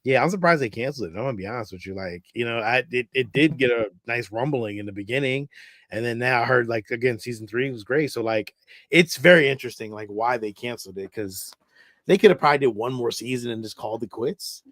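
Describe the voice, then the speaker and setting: A man's voice: medium pitch, fast, a bit bright, no room sound, studio quality. A man co-hosting a casual remote geek talk show, laid-back and swearing a lot, often trailing off. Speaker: podcast co-host. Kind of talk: casual chat. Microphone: remote stream mic.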